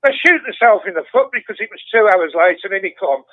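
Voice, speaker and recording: A man's voice: sits high, fast talker, no echo. An older man calling in to a radio phone-in and telling a story with heavy swearing. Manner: swears constantly, animated storytelling. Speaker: caller. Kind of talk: casual phone-in chat. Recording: tinny phone line.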